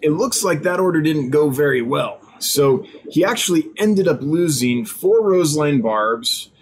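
A man's voice: on the high side, expressive, measured pace, a little hiss or hum. A middle-aged man hosting his weekly live stream as an online fish seller, chatting casually and rambling with fillers and asides.

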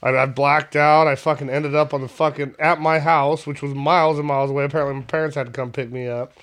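A man's voice: on the high side, steady tone, quick pace, fairly bright tone. Crude young man in casual chat. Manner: crude, swearing, laughs along. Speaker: podcast co-host.

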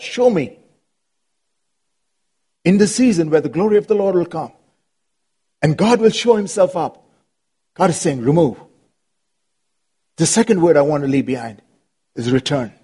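A man's voice: on the high side, warm tone, slightly rough. A man preaching an earnest sermon as pastor, repeating phrases and rising into passionate, pleading prayer.

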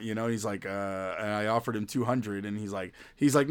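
A man's voice: medium pitch, fairly quick, hardly any pauses. A man in his thirties chatting casually as a podcast co-host, rambling through stories with lots of "like" and "you know.". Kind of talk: casual chat.

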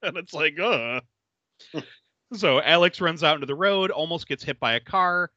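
In a fairly high voice at a moderate pace, a man recaps a horror film during a casual podcast chat, laughing often and cursing freely with plenty of animation. The audio is dull, with no room sound.

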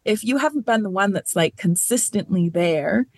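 A woman's voice: medium pitch, animated, normal speed, breathy edge, dry recording. A woman program manager for a nonprofit, talking through her work in a podcast interview, earnest and thoughtful, with many "like" and "you know" fillers.

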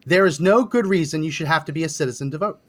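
A man's voice: on the high side, fairly bright tone. Sardonic male political podcast host. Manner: brisk, sardonic, directing the producer.

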